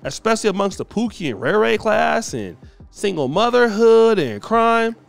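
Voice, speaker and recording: Emphatic commentary host, high lively voice. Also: male voice, normal speed, vocal fry, soft background music. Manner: emphatic, repeats words, preachy. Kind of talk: casual commentary.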